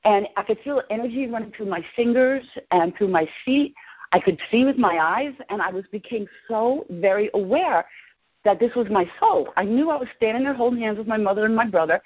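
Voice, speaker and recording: A woman in her sixties, a podcast guest, excitedly and emotionally telling a personal story. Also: fairly high pitch, fairly quick, slightly rough. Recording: lo-fi podcast audio.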